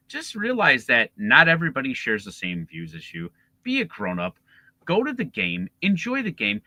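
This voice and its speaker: A man's voice: mid-range voice, wildly swooping pitch, normal speed, pushed and bright, no echo, rough recording. A man co-hosting a casual sports podcast, ranting with lots of swearing and laughter. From Chicago area. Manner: profane, ranting, laughing often. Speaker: podcast co-host.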